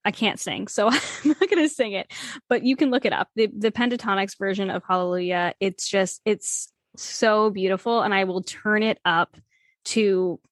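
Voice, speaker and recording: A woman, hosting a casual podcast interview, chatty and quick to laugh. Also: medium pitch, dry recording, clean studio sound. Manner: bubbly, laughs often, many fillers. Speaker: podcast host.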